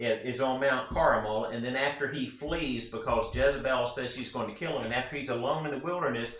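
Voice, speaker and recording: A man teaching a conversational Bible study lesson in an earnest, chatty way, with quick asides to his listeners. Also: medium pitch, fairly bright tone. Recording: echoey room.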